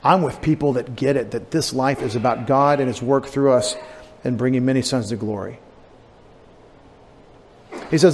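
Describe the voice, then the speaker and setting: A pastor giving a conversational, digressive sermon, with asides and restarts. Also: male voice, medium pitch, moderate pace, long pauses, a little mellow. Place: church sanctuary. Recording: long church reverb, faint room noise.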